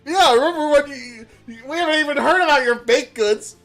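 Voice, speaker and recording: A man's voice: extremely high pitch, fairly quick, fairly bright tone, faint music behind. A man streaming live, reading an AI-made story aloud and laughing often as he goes.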